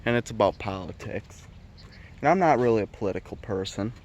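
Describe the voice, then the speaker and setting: A man's voice: fairly low pitch, expressive, brisk, a little mellow, a little hiss or hum. Heated man ranting with constant swearing. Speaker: vlogger. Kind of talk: profane opinion rant.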